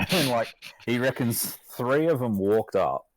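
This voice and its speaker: A man's voice: medium pitch, expressive, slow pace, no echo. An Australian man telling a story in casual podcast chat, laid-back and rambling, swearing constantly. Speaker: podcast guest.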